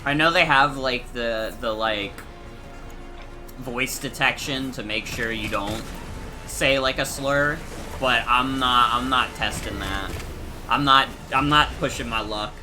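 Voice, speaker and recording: A man's voice: mid-range voice, slow, music in the background. A man streaming a video game, chatting casually and rambling with lots of fillers. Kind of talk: casual gaming stream chat.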